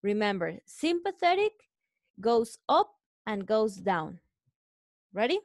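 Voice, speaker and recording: A woman English teacher with a Mexican Spanish accent, explaining a lesson slowly to her students and calling them guys. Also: on the high side, lively intonation, darkish tone, no room sound, clean studio sound. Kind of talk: recorded online lesson.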